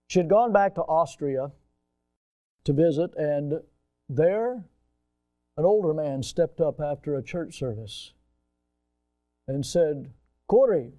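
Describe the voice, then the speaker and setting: A man preaching a sermon, telling a story with dramatic swings from loud emphasis to hushed quiet, calling his listeners folks. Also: a little high. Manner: folksy, addresses audience as folks.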